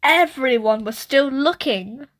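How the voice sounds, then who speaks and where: A woman reading a children's picture book aloud with expressive, animated storytelling. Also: high-pitched, slow pace. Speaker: storybook reader.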